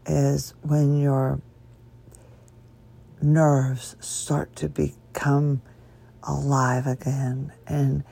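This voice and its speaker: A woman's voice: extremely low pitch, creaky, mellow, breathy edge. A woman hosting her own podcast from her bed, talking in a wandering, tangent-prone way and chuckling now and then, her voice weak and strained as she struggles to speak. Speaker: podcast host. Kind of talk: rambling solo podcast talk. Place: in bed at home.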